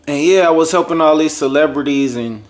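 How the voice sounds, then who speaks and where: A man vlogging a personal testimony, telling a lively, jokey story straight to his viewers and acting out other people's lines. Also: fairly high pitch, a little fast. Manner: addresses viewers directly and casually. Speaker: vlogger sharing a faith testimony.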